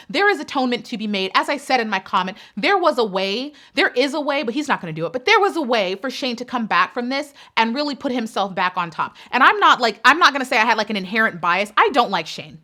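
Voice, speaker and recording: Impassioned woman giving bright commentary. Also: on the high side, very animated, quick pace, few pauses. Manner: impassioned, indignant, building emphasis. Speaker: commentary channel host. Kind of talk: social commentary rant.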